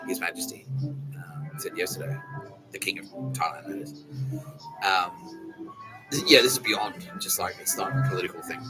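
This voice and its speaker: A man's voice: low voice, animated, normal speed, pauses often, poor audio. Profane man over music. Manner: profane, rambling, talking to unseen listeners. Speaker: podcast host. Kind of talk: casual monologue.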